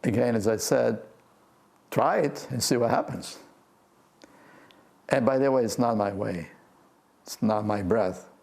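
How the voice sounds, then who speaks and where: An older man, a physics professor, gives a gentle, playful guided talk on breath meditation and laughs often. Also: medium pitch, measured pace, vocal fry, pauses often. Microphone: video talk to a remote audience.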